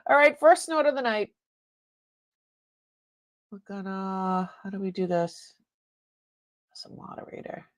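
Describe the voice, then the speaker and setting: A woman's voice: medium pitch, expressive, unhurried, long pauses, no echo. A woman hosting a live online jewelry sale, chatting casually with viewers and rambling, often breaking off mid-sentence. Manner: chats with viewers reading comments.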